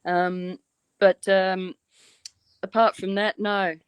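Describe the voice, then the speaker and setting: A woman's voice: mid-range voice, little pitch movement, slow, clear, resonant tone, no room sound. An Australian woman chatting easily as a guest on a podcast. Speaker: podcast guest, weather show creator. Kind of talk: casual chat.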